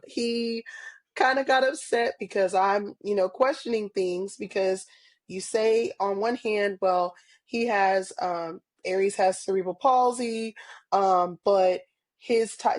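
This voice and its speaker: A woman in a casual podcast interview, speaking slowly and deliberately. She is earnest and chatty, filling pauses with ums and breaking into light laughs as she tells her story. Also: medium pitch, a little mellow, no echo. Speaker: podcast guest, parent advocate.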